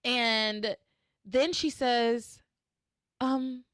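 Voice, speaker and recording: A woman's voice: on the high side, takes it slowly, a bit bright, no echo, clean studio sound. A woman podcast host in casual chat, animatedly retelling scenes and acting out the quotes.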